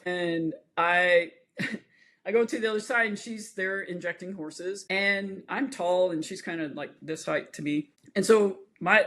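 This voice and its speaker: A woman, an equine veterinarian, telling a story in a podcast interview in a blunt, candid, emphatic way. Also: fairly low pitch.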